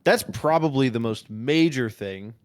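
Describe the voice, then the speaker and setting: A man's voice: mid-range voice, expressive, measured pace, clear, resonant tone, no room sound, clean studio sound. A young man co-hosting a podcast, chatting casually and hesitantly, often restarting his sentences. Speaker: podcast co-host. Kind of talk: casual film-review chat.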